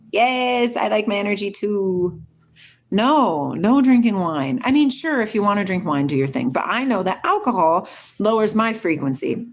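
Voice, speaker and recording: A woman's voice: medium pitch, expressive, normal speed. A woman hosting a casual spiritual livestream. She reads aloud, greets viewers by name, laughs often and drifts off on tangents. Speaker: livestream host reading viewer comments.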